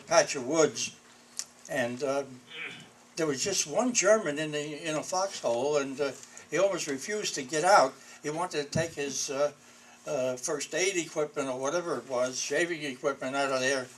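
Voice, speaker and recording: A man's voice: a little high, normal speed, a little hiss or hum, rough recording. A man in his eighties, a war veteran, telling wry memories in a chuckling, anecdotal way. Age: 80s. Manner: chuckling, wry storyteller, often breaking into laughter. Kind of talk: anecdotal storytelling.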